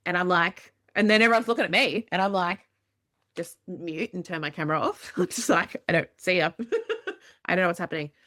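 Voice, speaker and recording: A woman's voice: lowish voice, very animated, a little fast, fairly bright tone, no room sound, studio quality. Chatty self-mocking Australian woman host. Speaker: podcast host. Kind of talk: casual podcast conversation.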